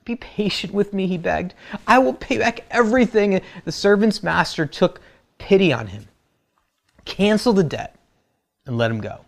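A man preaching a sermon, who retells the story in a casual, humorous way. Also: high-pitched. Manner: conversational and humorous, acts out quotes. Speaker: pastor.

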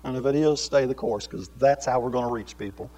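A man teaching a Bible lesson in sermon style, swinging between raised, emphatic preaching and quiet asides, with many rhetorical questions to his listeners. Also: mid-range voice, a little fast, rough recording.

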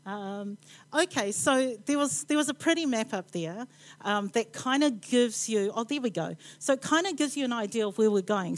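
A woman with a New Zealand accent preaches in a loose, conversational way, wandering into playful asides. Her voice sits at an ordinary middle pitch for a woman. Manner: rambling and playful, with asides and quick laughs. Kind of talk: chatty conversational sermon. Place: church.

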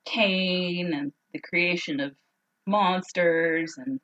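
A woman's voice: lowish voice, drawn-out words, a bit bright, muffled recording. Chatty joking woman retelling a story. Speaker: podcast co-host. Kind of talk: casual chat retelling a story.

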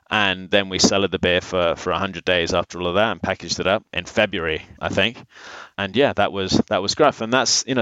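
Deep-voiced man telling a story. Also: smooth, no room sound, highs cut off. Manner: animated storyteller, many restarts. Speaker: brewery founder. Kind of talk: casual interview talk.

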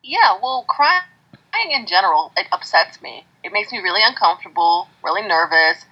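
A woman's voice: on the low side, lively intonation, moderate pace, husky. A woman guest in a casual podcast chat, telling stories in a matter-of-fact, wry way. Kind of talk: casual chat over a conference call. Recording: muffled lo-fi call audio.

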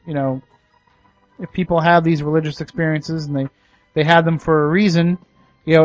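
A man's voice: fairly high pitch, no room sound, lo-fi sound. A man hosting a casual talk show, reading news stories aloud and adding his own opinions and jokes. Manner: chatty, adds personal opinions and jokes.

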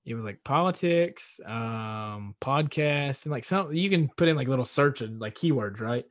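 A man's voice: medium pitch, animated, normal speed, no echo, clean studio sound. A man hosting a podcast, chatting casually, rambling and swearing with lots of filler words. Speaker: podcast host.

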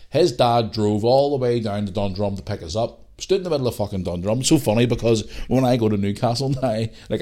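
With a lowish, slightly mellow voice, this podcast host from Northern Ireland tells a meandering story in a casual way. He's in his forties and swears freely as he goes.

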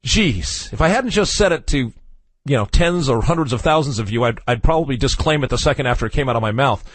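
A man's voice: mid-range voice, lively intonation, fast talker, dry recording. A man hosting a radio talk show, chatting casually in a wry, opinionated way with chuckles and asides. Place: radio studio.

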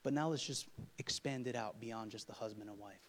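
Speaking briskly in a lowish voice, a male pastor mixes humor into his sermon. He alternates emphatic, loud stretches with quiet asides and plays out couples' quarrels, recorded with long hall reverb.

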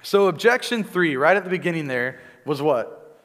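A man's voice: a little high, expressive, normal speed, a bit bright. A male preacher giving a conversational teaching sermon, often checking in with "right?" asides. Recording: long reverb in a large hall.

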